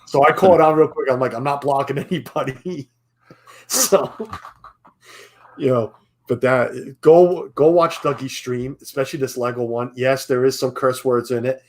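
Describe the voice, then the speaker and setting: A man's voice: medium pitch, steady tone, unhurried, a little mellow. A man hosting a casual live-stream chat, rambling with restarts and chuckling as he reads the chat. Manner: rambling, self-interrupting, chuckling. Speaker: stream host.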